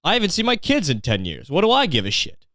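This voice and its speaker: A man's voice: a little high, huge pitch swings, fast talker, pushed and bright, dry recording, studio quality, pitched above the performer's own voice, full character voice. A man doing a grumbling divorced barfly. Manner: grumbling, profane. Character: bitter divorced barfly on house arrest.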